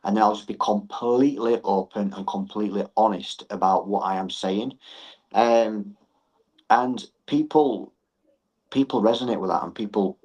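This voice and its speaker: Earnest man, lower-pitched voice. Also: a little mellow, husky, rough recording. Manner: earnest, explanatory, repeats phrases for emphasis. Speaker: martial arts gym owner and coach. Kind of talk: podcast interview guest.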